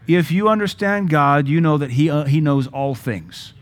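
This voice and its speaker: This man, a pastor partway through a sermon, jokes and preaches with energy, his moderately paced, higher-leaning voice breaking into emphatic bursts to stress a point. Then he settles back into ordinary speech.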